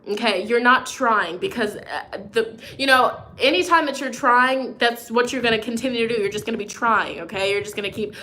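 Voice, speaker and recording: A woman's voice: mid-range voice, unhurried, hardly any pauses, pushed and bright. A woman tarot reader giving a chatty weekly forecast. She keeps checking in with "okay?" and is sniffly from a runny nose. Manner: encouraging, chatty, frequent "okay?" check-ins; reads out viewer comments. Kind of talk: live tarot forecast reading.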